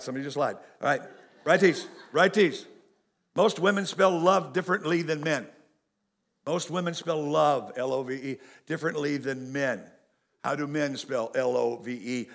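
A middle-aged man preaching a folksy, animated sermon and speaking straight to his congregation. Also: on the high side, creaky. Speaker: pastor.

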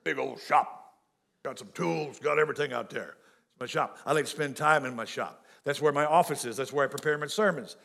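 A middle-aged man preaching a folksy, animated sermon and speaking straight to his congregation. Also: medium pitch, brisk, vocal fry. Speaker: pastor.

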